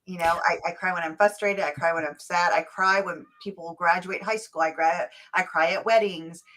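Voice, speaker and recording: A middle-aged woman hosting a podcast, chatty and animated, acting out little quotes as she talks. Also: lowish voice, normal speed. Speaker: podcast host. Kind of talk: casual interview chat.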